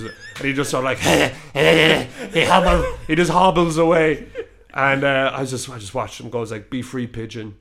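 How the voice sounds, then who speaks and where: A man in his thirties telling a story in casual chat, animated, swearing and laughing as he goes. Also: medium pitch, background noise. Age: 30s.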